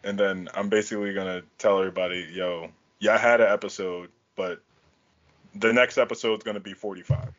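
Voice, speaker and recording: A man hosting a podcast in casual chat, talking in a profane, slangy, animated way. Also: fairly low pitch, a little fast, highs cut off. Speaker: podcast host.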